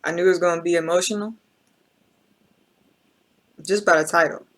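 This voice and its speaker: A woman's voice: on the low side, steady tone, normal speed, a bit bright. A woman hosting a reaction video, talking in an emotional, reflective and casual way and speaking straight to her viewers with slang.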